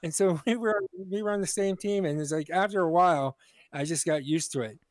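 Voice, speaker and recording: An American man co-hosting a podcast, talking in halting casual chat with restarts and swearing. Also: fairly high pitch, a little mellow, no echo. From United States. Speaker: podcast co-host.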